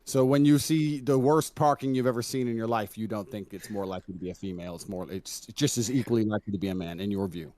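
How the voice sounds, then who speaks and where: A man's voice: on the low side, fast talker, few pauses, a little mellow. Assertive lecturing man with a British-American accent. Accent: mixed British and American. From United Kingdom. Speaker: debate guest. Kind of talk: heated stream debate. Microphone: video call.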